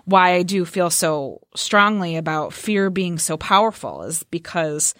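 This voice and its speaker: A woman's voice: fairly low pitch, expressive, a little slow, fairly bright tone, no room sound, studio quality. A woman telling an emotional story in a casual podcast conversation, earnest and heartfelt.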